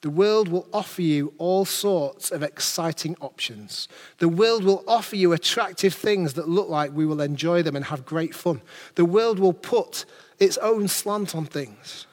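A man's voice: high-pitched, measured pace, a little mellow, in a large hall. A man preaching a sermon as pastor, earnest and building his points through rhetorical questions.

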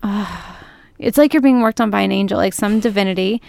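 Gushing woman podcast host, smooth and dry. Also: medium pitch, a little fast, darkish tone, dry recording. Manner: effusive, many "like" fillers. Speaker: podcast host and juice bar owner. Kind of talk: casual podcast chat.

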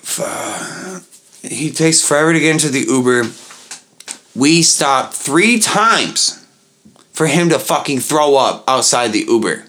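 Young guy, podcast co-host, mid-pitched, profane and animated storyteller. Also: slow pace, slight background noise. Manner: profane, animated storyteller acting out others' pleading voices. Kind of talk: casual storytelling chat.

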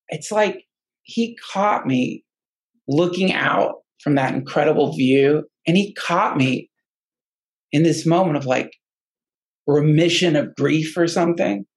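A man's voice: fairly high pitch, slow, gravelly, pauses often, rough recording. A man, a podcast guest, telling an earnest personal story in casual, rambling talk full of restarts and fillers. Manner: emotional, earnest.

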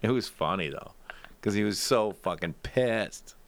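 A man in casual chat, telling profane stories and mimicking people in a lower voice. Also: lively intonation, a little slow, gravelly. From grew up in a snowy region.

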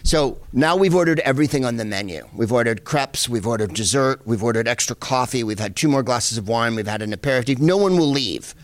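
A middle-aged man casually telling a lively anecdote, full of asides and the odd curse. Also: medium pitch, fairly quick, hardly any pauses. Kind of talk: casual storytelling.

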